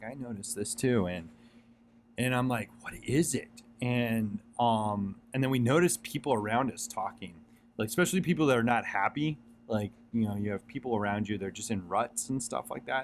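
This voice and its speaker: A man's voice: on the low side, a little hiss or hum. A man giving an earnest, rambling motivational talk, repeating himself and using many fillers and restarts. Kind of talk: casual motivational monologue.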